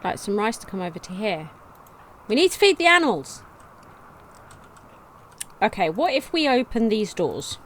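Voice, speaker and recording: A woman casually commenting on her gameplay, reading game text aloud in a chatty way with sudden excited outbursts. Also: mid-range voice, normal speed, long pauses, a little hiss or hum. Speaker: let's play gamer.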